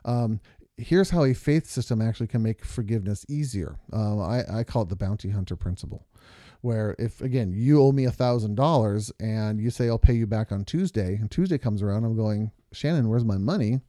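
A man with a fairly low, mellow voice talks briskly in a casual podcast he co-hosts with his wife. The sound is dry and clean, studio-grade, and he lays out long examples and stories earnestly.

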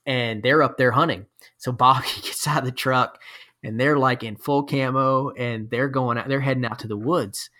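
A man's voice: medium pitch, fairly even intonation, normal speed, sharp tone. A man who is a podcast guest, telling a long hunting story in a casual, rambling way with lots of fillers. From Florida.

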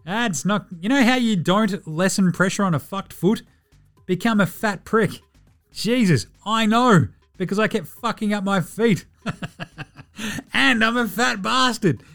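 A man's voice: high-pitched, unhurried, creaky, fairly bright tone, faint music behind. Sweary Australian man, casual sports podcast. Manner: profane, ranting, laughs often. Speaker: podcast host.

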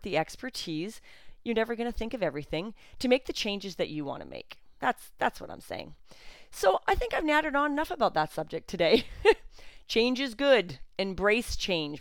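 Woman, podcast host, coach, blunt, outspoken, low pitch, clear voice. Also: no echo. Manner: sarcastic at times. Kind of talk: solo podcast monologue.

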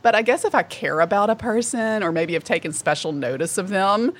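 A woman's voice: mid-range voice, fairly quick. A woman with a Southern US accent co-hosting a podcast, talking in a reflective way and laughing easily. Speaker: podcast co-host. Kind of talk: casual podcast chat.

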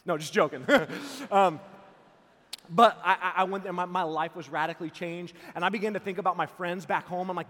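A young man giving a youth camp sermon, telling a personal story with loud jokes and hushed earnest parts. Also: sits high, a little fast. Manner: acts out voices in quotes, repeats words. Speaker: camp speaker. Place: large camp auditorium. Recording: long hall reverb.

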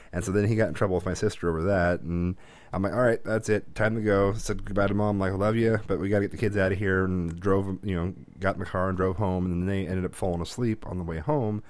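A man's voice: low-pitched, darkish tone, no echo. A man co-hosting a podcast, telling rambling family stories in casual chat with restarts and laughs. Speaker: podcast co-host.

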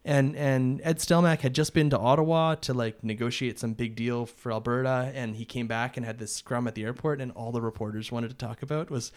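A man's voice: mid-range voice, steady tone, a little fast, few pauses. A man, a podcast co-host, telling a long story in a rambling casual way, full of restarts and short laughs.

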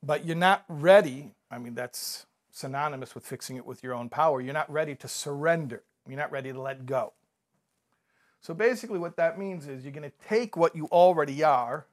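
A man giving a measured, reflective talk about recovery, mixing in stories and jokes. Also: a little high, a bit bright. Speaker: recovery speaker.

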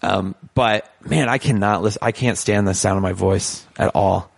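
A man hosting a podcast in casual chat, animated and joking, rambling with restarts. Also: fairly low pitch, normal speed, gravelly, dry recording. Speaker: podcast host.

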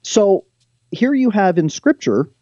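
A man's voice: high voice, slow, no echo. Man telling stories on a muffled line. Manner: animated storyteller, reads passages aloud. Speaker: guest. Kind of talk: retelling scripture stories in conversation.

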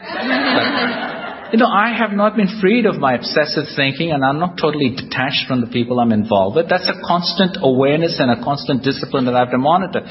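A man's voice: a little high, lively intonation, brisk. A man giving a humorous, self-deprecating personal recovery talk to a live audience at a convention, telling his story with wry storytelling. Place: large hall with a live audience. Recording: echoey hall, dull lo-fi tape.

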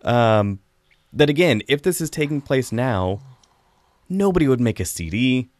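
A man's voice: medium pitch, big pitch swings, a little slow, no echo. A man hosting a casual podcast chat, reviewing a film in a rambling, chatty way with frequent laughs.

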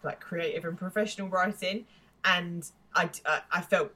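A woman's voice: fairly low pitch, fairly even intonation, moderate pace, pushed and bright. Rambling young woman podcaster. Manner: rambling, many restarts. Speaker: podcast co-host. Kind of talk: casual chat.

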